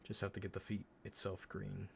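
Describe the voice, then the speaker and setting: A man streaming live and chatting casually with his viewers while he paints a miniature, swearing often and muttering quietly as he concentrates. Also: sits low, a little fast, vocal fry, slight background noise. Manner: relaxed, swears often, talks to chat while working.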